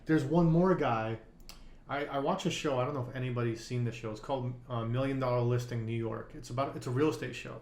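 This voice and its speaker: A man's voice: mid-range voice, fast talker, darkish tone. Guy rambling thru a story on a poker podcast, lots of like and um, echoey room. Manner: rambling storyteller, many fillers and restarts. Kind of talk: casual conversation.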